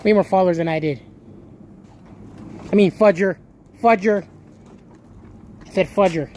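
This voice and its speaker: A young man livestreaming and chatting casually to his viewers. He tells stories in a lively way, swears and then corrects himself, and thanks a donor with a lot of emotion. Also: sits high, fairly quick, slight background noise. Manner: animated storytelling, swears and self-corrects, emotional gratitude.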